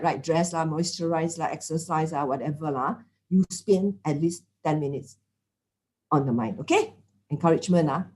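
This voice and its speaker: A woman's voice: low voice, a little mellow. A middle-aged woman with a Singaporean English accent gives a chatty dharma talk, full of "lah" and "okay?" and little acted-out quotes. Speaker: lay Dhamma teacher.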